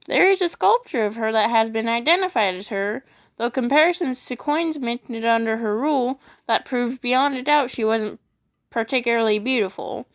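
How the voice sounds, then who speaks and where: A woman voice actor reading funny internet posts aloud, animated and playful, switching voices often. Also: on the high side, moderate pace. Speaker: YouTube voice actor.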